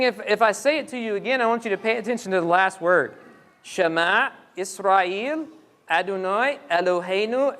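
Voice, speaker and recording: A man with a high, fairly bright voice gives an Islamic lecture in a mosque hall, explaining things step by step and putting questions to the audience. A long hall reverb trails his words.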